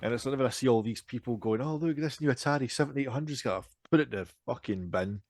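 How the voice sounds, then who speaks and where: A man, telling a lively, self-deprecating story on a casual podcast. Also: mid-range voice, fast talker, dry recording, studio quality. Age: 40s. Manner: animated, self-deprecating, frequent restarts and laughter. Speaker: podcast co-host.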